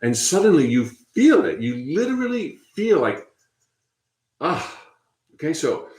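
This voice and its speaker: A man's voice: a little high, very animated, unhurried. Man guiding a spiritual talk, roomy sound. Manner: conversational, encouraging, repeats phrases softly. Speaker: host.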